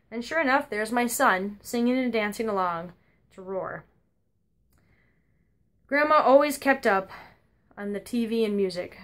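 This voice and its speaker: A woman giving a eulogy for her grandmother, telling anecdotes in a conversational, wry way at a funeral service. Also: mid-range voice. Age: adult. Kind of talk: humorous eulogy storytelling.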